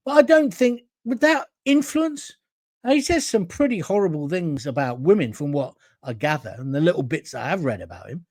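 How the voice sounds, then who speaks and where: A middle-aged man hosts a solo talk show, delivering a blunt, indignant monologue. His voice sits high for a man and swings widely in pitch. The sound is dry and close, with little room around it. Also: a little mellow, dry recording.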